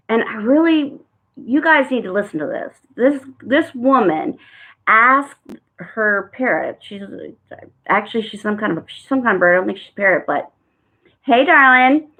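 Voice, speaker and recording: A woman's voice: a little high, animated, a little slow, fairly bright tone. A woman reading tarot cards in a casual live-stream chat, talking in a rambling way with frequent fillers. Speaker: tarot card reader. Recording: tinny phone-like sound.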